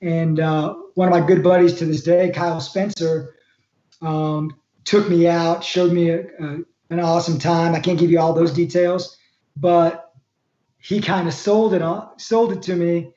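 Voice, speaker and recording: Man, Florida, interview guest, rambling storyteller, mellow, echoey lo-fi audio. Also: a little high, unhurried. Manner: relaxed, rambling, laughs while telling stories. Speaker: guest, former college wrestler.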